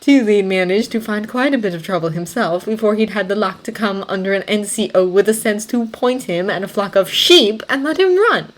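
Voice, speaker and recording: A woman reading fanfiction aloud as audiobook narration, even and unhurried. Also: mid-range voice. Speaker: fanfiction reader.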